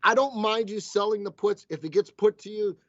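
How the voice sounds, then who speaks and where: Brisk and high-voiced with a fairly bright tone, a man runs a laid-back live stock-market stream, heard on a dry, dull-sounding recording. His commentary is full of playful jabs at the chat and his crew.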